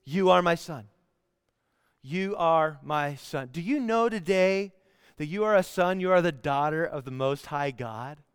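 A man's voice: on the high side, normal speed, smooth, no room sound, clean studio sound, in a large hall. A man in his thirties preaching a sermon in a church, talking conversationally and asking the congregation to respond. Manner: conversational, asks the room for responses. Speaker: pastor. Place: church sanctuary.

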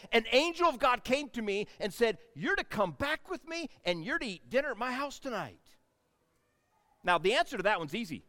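A man's voice: fairly high pitch, a bit bright, long reverb tail. A man preaching a sermon, retelling a scripture story in a conversational, folksy way with playful asides.

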